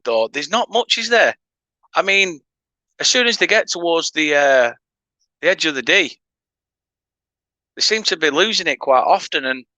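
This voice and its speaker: Chatty northern English lad, bright voice. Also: male voice, a little high, dry recording. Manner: chatty banter with viewers, laughing asides. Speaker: fan channel host. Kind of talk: casual watchalong commentary.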